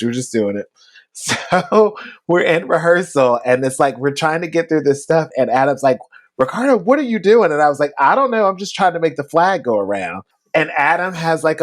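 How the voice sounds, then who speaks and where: Chatty male podcast co-host, animated storyteller. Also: medium pitch. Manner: animated, chatty, many likes and asides. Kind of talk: storytelling in casual chat.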